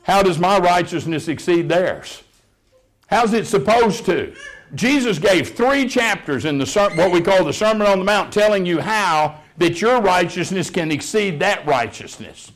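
A man's voice: high-pitched, expressive, unhurried. A man preaching a sermon in a folksy storytelling way, chuckling at his own anecdotes. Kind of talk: sermon with humorous stories.

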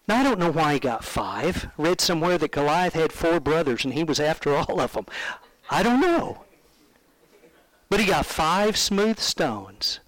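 A male preacher giving a sermon in an animated, conversational storytelling way, asking his listeners questions. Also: a little high, no room sound, poor audio.

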